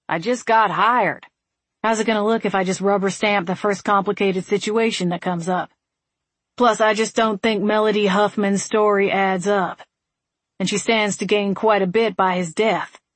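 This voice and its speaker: A woman voicing a stiff, skeptical new male sheriff who speaks in a measured, matter-of-fact way. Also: mid-range voice, fairly even intonation, dry recording, close to an everyday voice.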